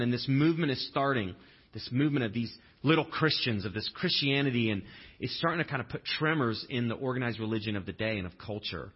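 Husky male pastor preaching casually. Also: mid-range voice, lo-fi sound. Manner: conversational and humorous, acts out quotes. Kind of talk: sermon.

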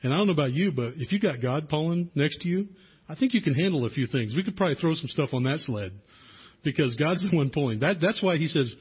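A man preaching a sermon in a relaxed, conversational way, often restarting his sentences. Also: on the high side, fast, slightly rough, muffled recording. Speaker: pastor.

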